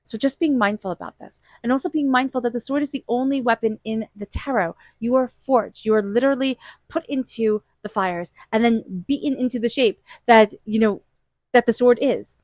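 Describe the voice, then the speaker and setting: A woman's voice: a little high, moderate pace, a little mellow, no echo. A woman giving a casual, reassuring tarot reading, repeating phrases for emphasis. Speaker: tarot reader.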